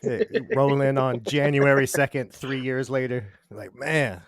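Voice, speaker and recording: A man of middling pitch hosts a casual chat show, quick with jokes and ready to laugh along with his guest. His voice sits close and dry on the mic. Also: dry recording. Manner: jokey, quick with wisecracks and laughs. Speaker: podcast host.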